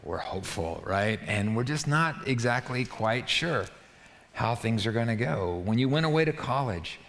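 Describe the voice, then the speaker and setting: A man preaching a sermon in a lively, conversational way, often checking in with his listeners. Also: mid-range voice, moderate pace, creaky, big-room sound. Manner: animated, conversational, frequent "right?" asides. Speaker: pastor.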